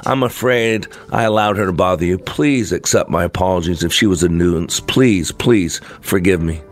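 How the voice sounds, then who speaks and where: A man voicing a gentle, apologetic young mother who speaks softly and falters with grief. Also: low-pitched, normal speed, voice pushed down, natural voice.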